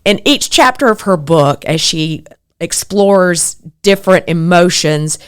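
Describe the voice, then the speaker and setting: Woman, middle-aged, podcast host, earnest, slow-paced, low-pitched. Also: clear, resonant tone. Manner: earnest, reflective, animated when quoting others. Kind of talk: personal podcast monologue.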